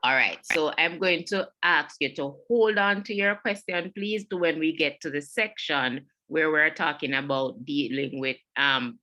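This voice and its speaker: Bright-voiced Jamaican woman presenter. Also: low-pitched, a little slow, hardly any pauses. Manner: earnest, repeats key points, takes audience questions. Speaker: webinar presenter. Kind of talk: mental health webinar talk. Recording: online webinar audio.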